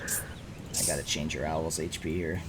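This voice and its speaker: A man's voice: very deep voice, little pitch movement, unhurried, slight background noise. A man narrating as game master, with a loose, rambling delivery full of fillers.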